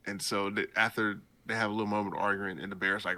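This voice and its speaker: Low-pitched man with a bright voice. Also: fairly quick. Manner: animated, jokey retelling. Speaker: podcast host. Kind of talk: casual story recap.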